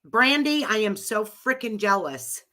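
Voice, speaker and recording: Here a middle-aged host of a live audio room talks with her listeners while nursing a cold, wandering from topic to topic and laughing a lot. Her mid-range voice is expressive, a touch slow, and sounds pushed and bright.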